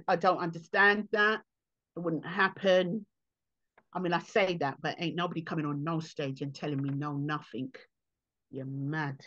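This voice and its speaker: A woman comedian, answering interview questions in an animated way and acting out other people's voices. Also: low voice, dull audio.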